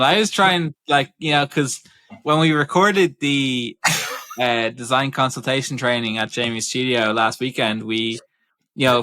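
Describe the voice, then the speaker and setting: A man's voice: medium pitch, bright, forceful tone. A man hosting a casual podcast, rambling with lots of fillers. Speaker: podcast host.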